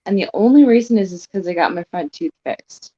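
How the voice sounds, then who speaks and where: A woman's voice: medium pitch, expressive, a little fast, mellow, slightly rough. A woman chatting casually on a livestream, giggly, upbeat and self-deprecating. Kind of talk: casual chat. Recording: slightly muffled audio.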